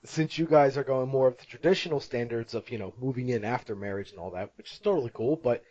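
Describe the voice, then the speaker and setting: A man hosting a casual podcast, talking in long rambling runs and breaking into laughs at his own jokes. His voice sits at an average pitch. The recording is dry and a bit muffled. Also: fast, darkish tone, no echo. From Italian-American family. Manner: rambling, laughs often, jokey. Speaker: podcast host.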